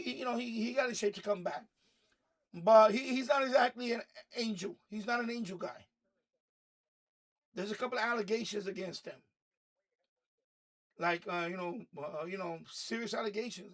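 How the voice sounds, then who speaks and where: A man hosting a live stream, ranting heatedly with lots of swearing and repeated phrases. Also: high-pitched. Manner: heated, profane, repetitive ranting. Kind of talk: casual ranting commentary.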